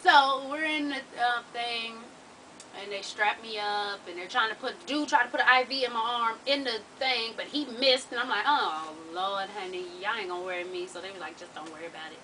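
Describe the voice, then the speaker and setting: A woman with a drawl tells her viewers a story in an animated, profane way. Her voice is highish and bright. She sits a bit back from the mic, with faint room noise behind her. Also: normal speed, recorded from a distance, rough recording. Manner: profane, animated, laughs while telling. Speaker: vlogger.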